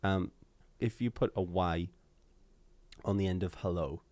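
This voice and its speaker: A man's voice: low-pitched, measured pace, darkish tone, no room sound. A man with a Welsh accent co-hosting a podcast, chatting playfully and laughing often while comparing pronunciations. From Wales. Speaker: podcast co-host. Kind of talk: casual chat.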